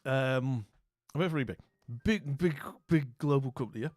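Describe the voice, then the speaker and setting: A man's voice: mid-range voice, moderate pace, darkish tone, no echo, studio quality, faint music behind. A British man telling a casual anecdote as a channel host, rambling with lots of asides and self-mocking jokes. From Britain. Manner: rambling, chatty, full of asides and self-mockery.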